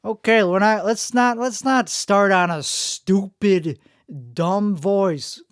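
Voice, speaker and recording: Slow-talking man with a worn, strained voice. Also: high-pitched, clean tone, dry recording, studio quality. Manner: talks through barely moving lips, self-mocking and digressive. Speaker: podcast host. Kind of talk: rambling solo podcast monologue. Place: indoor room.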